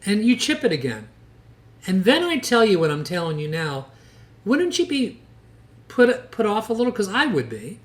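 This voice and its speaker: A man's voice: high-pitched, very animated, moderate pace. A man in his sixties, a dentist, giving a casual instructional podcast talk, earnest and persuasive, telling case stories and acting out how he speaks to patients. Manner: earnest, persuasive storytelling, quotes his own patient talks. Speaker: dentist and educator.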